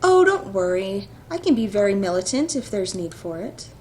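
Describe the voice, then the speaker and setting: A woman's voice: fairly high pitch, very animated, normal speed, gravelly, darkish tone, a little hiss or hum. A woman reading as a witty young heroine. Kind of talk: reading a visual novel aloud.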